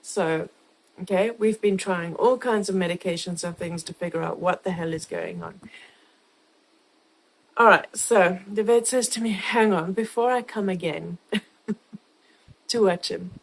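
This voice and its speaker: A woman from South Africa, vlogging in a casual, animated way, swearing freely as she retells a chaotic comic mishap. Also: fairly low pitch, unhurried, creaky, long pauses, a little hiss or hum, low-quality recording. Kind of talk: casual storytelling to camera.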